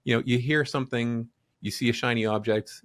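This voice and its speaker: A middle-aged man co-hosting a business podcast, speaking in a measured way and explaining points with analogies. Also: medium pitch, steady tone, no room sound. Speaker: podcast co-host, banking advisor. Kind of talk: casual business podcast chat.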